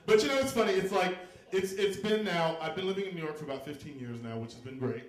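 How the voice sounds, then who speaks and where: A man from Texas doing stand-up comedy in a live venue, campy and loud, jumping into shrieking high squeals for punchlines. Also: lively intonation, fast talker, echoey room, a crowd in the background.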